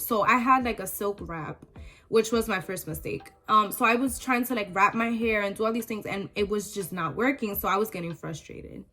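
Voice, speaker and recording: A woman's voice: medium pitch, normal speed, pushed and bright, soft background music. A young woman vlogger telling a personal story in casual, emotional talk with many fillers.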